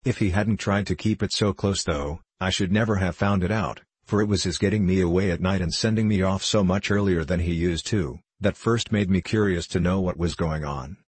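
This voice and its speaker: A man's voice: deep voice, normal speed, few pauses, husky, dry recording. A man voicing an earnest, loyal young errand boy in a storybook reading. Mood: alarmed.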